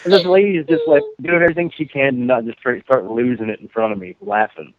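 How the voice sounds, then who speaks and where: A man's voice: medium pitch, quick pace, no room sound. A man telling a rambling, profane story on a podcast, laughing at his own jokes. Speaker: podcast co-host. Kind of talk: casual storytelling. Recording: dry, phone-like narrow sound.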